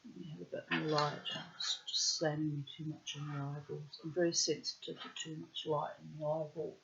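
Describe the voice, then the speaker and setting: A woman's voice: deep voice, flat delivery, fairly quick, gravelly, fairly bright tone, dull audio, a little hiss or hum. A woman with a New Zealand accent telling a rambling personal story straight to the viewer, blunt and profane. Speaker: vlogger.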